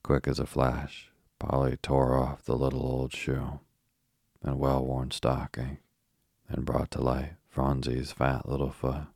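A man reads a storybook aloud in a very deep, husky voice. He keeps it flat and steady, with almost no rise and fall. The sound is close and dry. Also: takes it slowly, no echo. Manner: steady, even reading with little rise and fall. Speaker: audiobook narrator. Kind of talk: scripted storybook narration.

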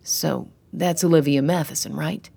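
A man's voice: fairly high pitch, steady tone, normal speed, gravelly, mellow, breathy edge, full character voice. A narrator voicing a brash, wisecracking tough man who jokes during a fight. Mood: subdued. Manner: joking, blunt.

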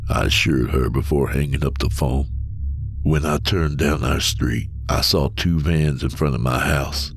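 A man narrating a first-person horror story in a calm, measured way. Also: extremely low pitch, a little hiss or hum. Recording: soft music under voice.

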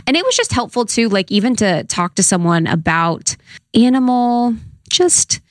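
A young adult woman as a podcast guest, telling a story in an animated, chatty way full of fillers. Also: fairly high pitch, moderate pace, dry recording, studio quality. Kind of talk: casual storytelling chat.

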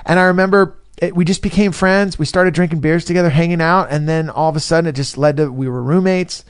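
A man's voice: a little high, fairly even intonation, quick pace, smooth. A man telling a long story in casual chat, rambling and acting out quotes in other voices. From Southern California. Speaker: guest musician.

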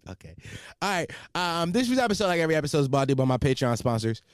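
A young man hosting his own podcast, talking in a loud, profane and rambling way from home at night. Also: on the high side, big pitch swings, very fast, smooth, no echo, studio quality. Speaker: podcast host. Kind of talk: casual solo podcast chat.

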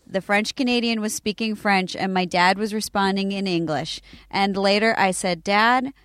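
A woman's voice: medium pitch, moderate pace, no room sound, studio quality. Opinionated woman guest telling stories. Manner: animated storytelling, opinionated. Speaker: podcast guest. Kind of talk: casual chat.

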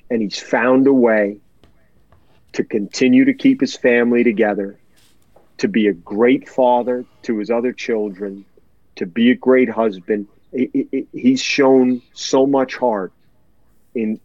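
A man's voice: mid-range voice, darkish tone, dry recording, dull audio. A man telling a heartfelt personal story in a podcast chat, earnest and emotional, repeating words for emphasis.

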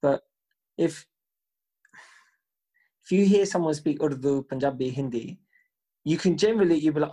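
Husky-voiced man telling a lively story. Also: fairly high pitch, moderate pace, pauses often. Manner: animated storytelling, swears freely, acts out quoted voices. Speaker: podcast co-host. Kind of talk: casual chat.

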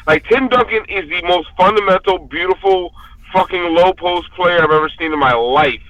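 A drunk man ranting hard on a podcast, swearing at every turn. His voice is bright and tense, pitched a little high for a man. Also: moderate pace, no echo, dull audio. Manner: profane, heated ranting. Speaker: podcast guest. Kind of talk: casual podcast rant.

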